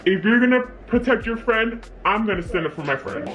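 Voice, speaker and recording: A woman's voice: fairly high pitch, animated, brisk, natural voice. An angry young man, as a woman puts him on. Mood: accusing. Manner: accusing, insistent. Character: angry young man defending his friend.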